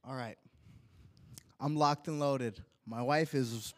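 A young man in church reading a heartfelt tribute to his wife from his notes, earnest and deliberate. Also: mid-range voice, fairly even intonation. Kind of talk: read tribute speech in church.

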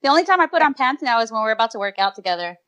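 A woman's voice: a little high, big pitch swings, very fast, fairly bright tone, highs cut off. A woman co-hosting a podcast, telling funny stories in casual chat and laughing often. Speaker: podcast co-host.

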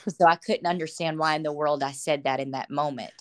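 A woman's voice: low voice, steady tone, brisk. A woman as a podcast guest, telling her faith testimony in earnest, emotional storytelling. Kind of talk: personal faith testimony in conversation.

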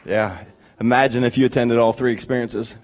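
A man in his forties preaching a sermon, telling animated, joking stories about his own marriage with frequent restarts. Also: mid-range voice, a little fast, some chatter behind, slight background noise. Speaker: pastor.

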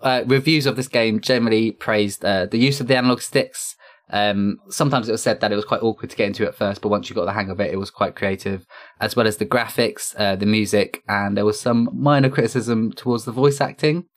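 A man's voice: fairly low pitch, steady tone, fairly quick. A man hosting a casual podcast chat, reading off facts with lots of fillers. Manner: chatty, lists facts with many fillers. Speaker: podcast host.

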